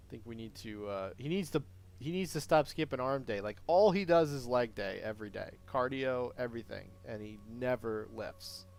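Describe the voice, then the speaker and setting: A man's voice: medium pitch, gravelly. A man chatting casually to his viewers on a live stream, rambling and self-deprecating with a jokey manner.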